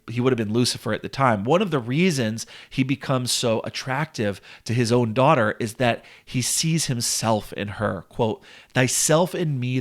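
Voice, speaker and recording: A man giving a casual lesson on a classic poem, chatty and full of fillers. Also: mid-range voice. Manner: chatty, with frequent "uh" and "like". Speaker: literature explainer.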